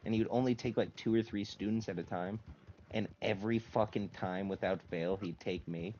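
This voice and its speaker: A man's voice: on the low side, fairly even intonation, normal speed, dark tone, dull audio, slight background noise. A man casually telling a long, profane story as a streamer, laughing often between lines.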